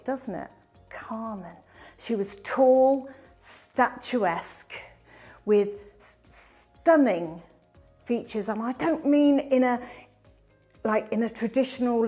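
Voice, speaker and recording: A middle-aged woman tells her life story in a personal presentation, taking her time over each phrase. Her voice sits fairly high and moves from bright, punchy emphasis down to near-whispered asides. Faint music plays underneath.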